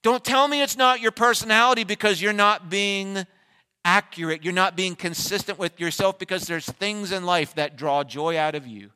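Pastor guy preaching easter sermon, goes loud then quiet, big echoey church hall. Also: high-pitched, normal speed, smooth. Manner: swings from loud fervent preaching to quiet asides. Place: large church sanctuary. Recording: long church hall reverb.

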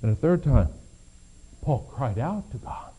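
A man preaching a sermon, shifting between hushed low passages and emphatic raised appeals. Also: sing-song, a little slow, husky, dull audio. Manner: dramatic, swings from hushed to emphatic. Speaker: pastor.

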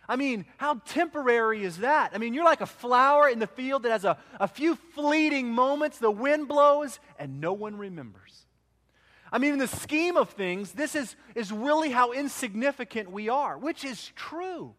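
A man preaching a sermon, swinging from loud emphasis to hushed, slowed phrases. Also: very high voice, animated. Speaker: pastor.

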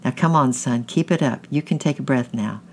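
A man reading the lines of a bold neighbor who takes charge, shouting orders in a storybook. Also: mid-range voice, normal speed, close to an everyday voice. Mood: commanding.

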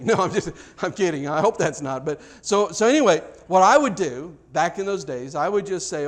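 This sermon comes from a middle-aged pastor who sounds animated, a little fast, and rarely pauses. His storytelling about family is conversational and self-interrupting, with dialogue performed through big pitch swings.

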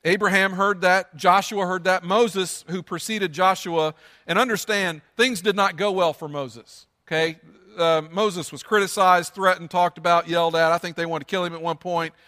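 With a steady tone and moderate pace, a pastor gives an earnest, emphatic sermon in a church sanctuary, repeating himself to make each point land. Long reverb from the spacious room follows his high, bright voice.

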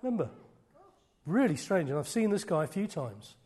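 A middle-aged man preaching a sermon, swinging from loud declarations to hushed, almost whispered lines. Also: sits high, sing-song, moderate pace, slightly rough.

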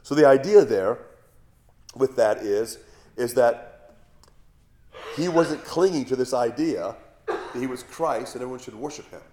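A man's voice: medium pitch, unhurried, long pauses, darkish tone, slight background noise. A middle-aged male pastor giving a sermon in a conversational way, with rhetorical questions and asides.

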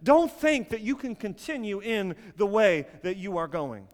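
A man preaching a sermon, emphatic at times and dropping to quiet intensity. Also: high-pitched, lively intonation, normal speed, long reverb tail.

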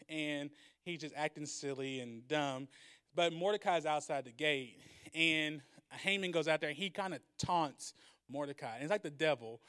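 A man's voice: on the high side, clear, resonant tone. A young man giving a casual sermon, retelling a story and acting out the characters. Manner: animated, acts out characters. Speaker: preacher.

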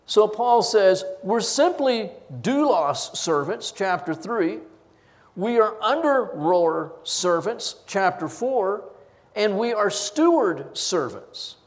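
A man preaching an expository sermon, emphatic and shifting between loud stresses and low asides. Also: big pitch swings, slow. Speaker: pastor. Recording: reverberant hall.

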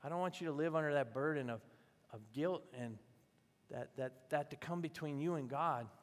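A long reverb tail follows a pastor whose voice sits on the high side as he preaches at a moderate pace. His sermon tells a parable in a relaxed, conversational way, and he gives voice to its characters.

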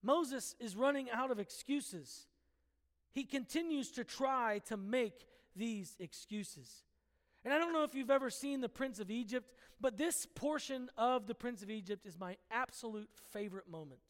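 A man's voice: very high voice, animated, moderate pace, big-room sound. A man preaching a sermon in an emphatic, conversational way, asking his listeners questions directly.

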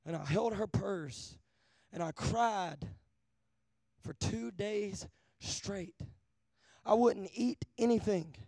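A man preaching a sermon, asking the crowd for an amen, swinging from hushed to loud. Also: high-pitched, slow, creaky, pauses often, no room sound. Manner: call-and-response, asking amen often; shifts between hushed and loud.

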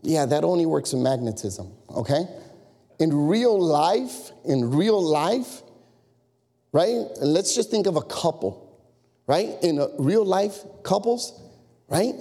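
A man preaching a sermon as pastor, animated and conversational, full of rhetorical questions. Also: on the high side, slow, long reverb tail.

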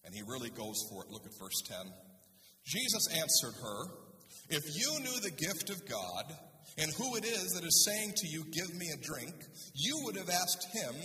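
A man's voice: on the high side, very animated, moderate pace, sharp tone, slight background noise. A male pastor preaching a sermon in a conversational way, reading scripture and asking the congregation rhetorical questions, in a church sanctuary. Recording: echoey hall, speaker far from mic.

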